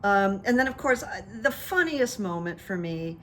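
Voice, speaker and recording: A woman's voice: medium pitch, moderate pace, slight background noise. A middle-aged woman recapping events in a casual, chatty way, acting out what others said as she goes. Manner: animated storyteller, acts out what others said. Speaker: political commentary vlogger and hypnotherapist.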